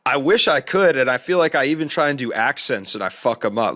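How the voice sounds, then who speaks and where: Man, comedian guest, self-deprecating, casual chat, animated pitch. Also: fairly quick. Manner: self-deprecating, laughing, loose delivery.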